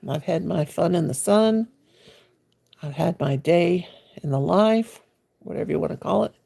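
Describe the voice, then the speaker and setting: A chatty woman, talking to viewers on a phone livestream while she crochets. Her voice is deeply gravelly and husky, and her manner is homey and folksy. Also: measured pace, dark tone. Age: 60s. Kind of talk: casual live-stream chat.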